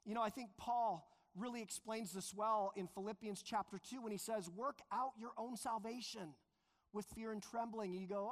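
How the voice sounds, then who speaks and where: A man preaching a sermon as pastor, earnest and emphatic, slowing down to stress key phrases. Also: high-pitched, steady tone. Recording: long reverb of a large hall.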